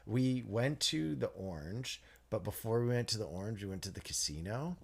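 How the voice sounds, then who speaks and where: A man's voice: fairly low pitch, animated, moderate pace, gravelly, breathy edge. A man co-hosting a podcast, telling rambling, joking stories and correcting himself as he goes. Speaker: podcast co-host. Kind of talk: casual chat.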